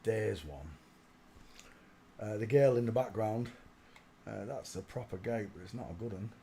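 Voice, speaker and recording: A man hosting a casual livestream, commenting while he searches through images, often muttering quietly to himself and breaking into loud laughing outbursts. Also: fairly low pitch, moderate pace, vocal fry, slight background noise. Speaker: livestream host.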